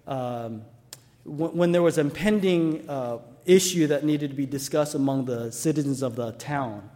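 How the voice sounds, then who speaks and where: A man's voice: mid-range voice, measured pace, warm tone. Man preaching in a reverberant hall. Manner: storytelling with rhetorical questions to the congregation. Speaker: pastor. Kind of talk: sermon.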